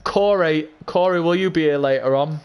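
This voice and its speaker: A man chatting casually on a live game stream, excitable and calling out viewers by name to ask their opinions. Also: fairly high pitch, moderate pace, clear, resonant tone. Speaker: gaming livestreamer.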